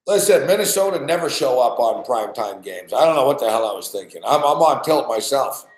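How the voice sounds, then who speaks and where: A man's voice: medium pitch, animated, a little fast. Guy ranting and cussing at a game he's losing bets on, kinda roomy sound. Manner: frustrated, profane, ranting, repetitive. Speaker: podcast host reacting to a live game. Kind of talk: casual live reaction rant.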